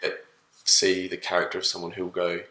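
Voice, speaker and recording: A man's voice: sits low, monotone, brisk, pushed and bright, echoey room, poor audio. A man, thinking aloud in a casual chat with restarts. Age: 30s. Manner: thoughtful, rambling with restarts.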